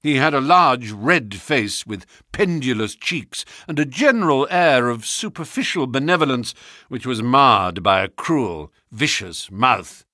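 A man narrating a classic detective story in a measured, expressive reading. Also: mid-range voice, dry recording, clean studio sound. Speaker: audiobook narrator. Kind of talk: scripted narration.

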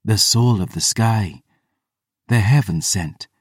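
A man voicing a stern masked priestess in an audiobook, with a deep, musical voice and archaic, formal speech. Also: a little slow, a little mellow, no echo, studio quality, natural voice. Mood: reverent. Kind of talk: audiobook character voice.

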